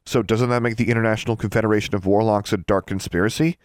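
A man's voice: on the low side, fairly even intonation, dry recording, studio quality, close to an everyday voice. A man voicing a bold, defiant young witch schoolgirl who answers back sharply. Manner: sharp, defiant, quick retorts.

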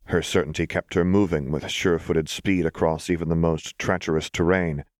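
A man reading a story aloud in calm, measured, scripted narration. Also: sits low, no echo, studio quality. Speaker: audiobook reader.

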